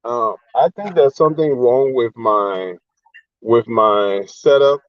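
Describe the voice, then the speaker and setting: A man's voice: medium pitch, takes it slowly, no room sound. A man joining an online talk show by video call, speaking politely and with some hesitation. His audio is dry and muffled. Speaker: guest.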